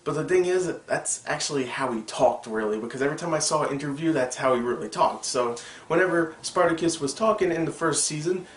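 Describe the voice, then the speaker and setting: A man's voice: a little high, a little fast. Rambling young man reviewing TV in an echoey room. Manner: rambling, excitable, frequent fillers and asides. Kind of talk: casual video review. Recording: echoey room with faint background noise.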